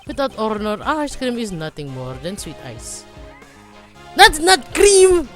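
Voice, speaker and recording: A woman voicing a calm, smug male murder suspect with a put-on accent in a fan dub of a game. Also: mid-range voice, moderate pace, faint music behind, lightly acted. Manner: put-on accent, formal and unruffled.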